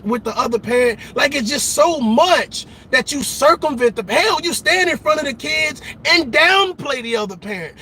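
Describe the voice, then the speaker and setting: A man's voice: extremely high pitch, pushed and bright, slight background noise. A man hosting a show, delivering an emphatic commentary monologue, repeating his points and calling out to his listeners. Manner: emphatic, repetitive, calls out to listeners. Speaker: show host.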